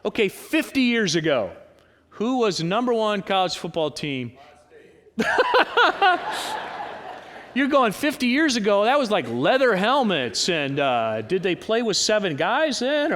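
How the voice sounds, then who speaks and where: A man preaching a sermon as pastor, conversational and animated, asking the congregation rhetorical questions. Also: sits high, normal speed, long reverb tail. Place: church sanctuary with congregation.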